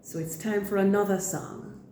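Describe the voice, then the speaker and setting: A woman leading a church school lesson for children, speaking slowly and deliberately in simple words. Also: medium pitch, fairly even intonation, warm tone, echoey room, a little hiss or hum.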